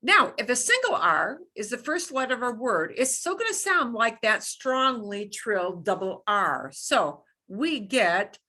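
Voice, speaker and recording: A woman teaching a beginners' Spanish class, demonstrating sounds through slow, playful repetition. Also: on the high side, sing-song, bright, forceful tone. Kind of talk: beginner language lesson.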